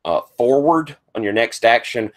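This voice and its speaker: A man's voice: medium pitch, moderate pace. A man narrating a tabletop horror game as game master, describing the scene and improvising as he goes, with plenty of fillers.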